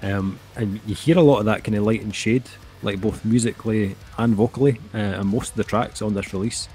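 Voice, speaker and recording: This middle-aged man's voice is fairly low, brisk and warm, with fairly even intonation. As co-host of an album review, he chats casually and wanders off track, dropping lots of fillers such as "um" and "kinda."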